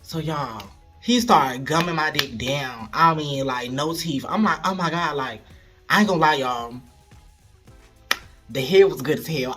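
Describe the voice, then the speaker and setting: A man telling a frank, animated story straight to his viewers, casual vlog style, recorded at home. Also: fairly high pitch, a little slow, pauses often, soft background music. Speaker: storyteller vlogger.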